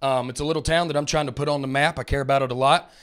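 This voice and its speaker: A man's voice: mid-range voice, fairly even intonation, fairly bright tone. Drawling Alabama man doing stand-up. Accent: Southern US, Alabama. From North Alabama. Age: 30s. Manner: drawling, rambling, self-mocking storyteller who puts on quick character voices. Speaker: stand-up comedian. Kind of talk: stand-up comedy set.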